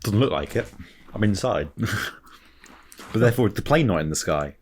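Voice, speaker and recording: A man's voice: on the low side, lively intonation, moderate pace, a little mellow. A man guesting on a casual podcast, joking around and arguing points in a playful way.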